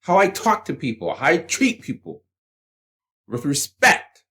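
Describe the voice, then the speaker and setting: Male channel host, profane motivational monologue, confrontational, animated pitch. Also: a little slow, pauses often. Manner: blunt, combative, swears freely. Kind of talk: profane motivational rant to camera.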